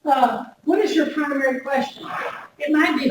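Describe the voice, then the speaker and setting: A woman giving a lively workshop talk to an audience, chatty and direct, often repeating her words. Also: sits high, moderate pace. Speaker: workshop speaker. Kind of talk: lively workplace wellness talk. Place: large room before an audience. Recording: echoey hall recorded from far off with noise.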